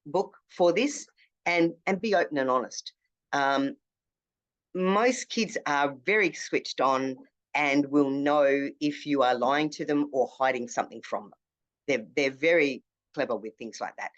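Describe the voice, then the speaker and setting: A youth work trainer giving a conversational classroom lecture, repeating key phrases for emphasis. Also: medium pitch. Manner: down-to-earth, conversational teaching.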